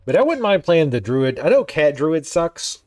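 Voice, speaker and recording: A man streaming a game, chatting in a rambling, easygoing way with quick asides. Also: on the high side, very animated, darkish tone, dry recording. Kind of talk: casual gameplay commentary.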